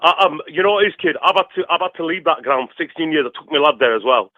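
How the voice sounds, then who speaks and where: A man in his fifties with a Yorkshire accent, calling in to rant passionately, tacking "kid" onto nearly every pause. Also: a little high, expressive, no room sound. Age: 50s. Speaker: caller. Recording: tinny phone line.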